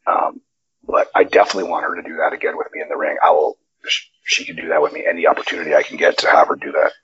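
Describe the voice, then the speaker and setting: A man guest on a wrestling interview, telling stories in a casual, profane and animated way, his pitch jumping up when he gets excited. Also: rapid-fire, breathy edge, lo-fi sound. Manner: animated, profane storytelling with sudden jumps in pitch. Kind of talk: casual storytelling chat. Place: Nevada.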